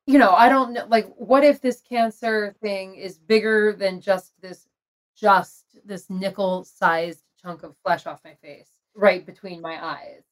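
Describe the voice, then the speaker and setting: A woman's voice: medium pitch, unhurried. A middle-aged woman candidly telling an emotional personal story in conversation, laughing often. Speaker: guest telling her story.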